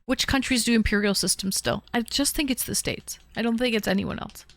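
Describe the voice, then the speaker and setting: A woman's voice: fairly high pitch, fairly quick, creaky. A young woman from the Toronto area, live-streaming and chatting casually, thanking viewers by name with plenty of fillers. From Canada, Toronto area.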